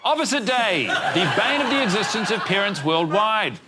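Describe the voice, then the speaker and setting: A man with a New Zealand accent hosting a comedy spelling quiz, delivering deadpan, mock-grand quips. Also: high-pitched, moderate pace. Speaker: quiz show host. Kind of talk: comedic game show hosting. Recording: live studio with loud crowd and music.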